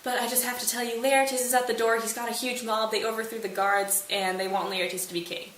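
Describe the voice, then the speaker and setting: A woman voicing a flustered, hurried male servant bringing urgent news. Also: fairly high pitch, little pitch movement, fairly bright tone, lightly acted. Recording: roomy, distant mic, faint hiss.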